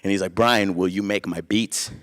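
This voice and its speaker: A man with a somewhat low voice shifts between reading his own rhyming spoken-word verse and telling lively stories. He acts out the people he quotes as he goes. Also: normal speed. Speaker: visiting playwright and performer.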